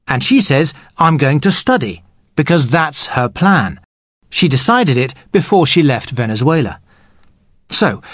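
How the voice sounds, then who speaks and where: A male English teacher explains language points in a slow, clear manner. His voice sits a little high and moves lively up and down, recorded close and dry. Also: no echo. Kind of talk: scripted language lesson.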